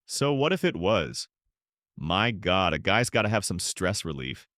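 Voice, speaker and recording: A man's voice: deep voice, very animated, measured pace, fairly bright tone, no room sound, clean studio sound, exaggerated voice. A man voicing a sneering arrogant husband. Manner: sneering, defensive. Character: arrogant cruel middle-aged husband, sneering.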